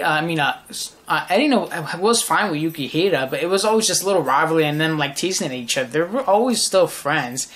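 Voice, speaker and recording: A young male reviewer talks through a comic chapter in a loose, excitable way. His voice sits a little higher than most men's, and he trips over words and restarts often as his enthusiasm runs ahead of him. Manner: rambling and enthusiastic, with many restarts. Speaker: manga reviewer. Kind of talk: casual video review.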